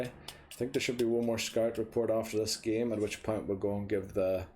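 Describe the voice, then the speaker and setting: A man with a fairly low voice streaming a football game from his computer desk. He chats casually at a desk microphone, sometimes leaning back from it. His talk swings into swearing rants that he quickly apologises for, with a faint background hum. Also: darkish tone. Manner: ranting, swears freely, then apologises. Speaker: gaming streamer. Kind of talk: casual gameplay commentary. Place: seated at a computer desk, indoors.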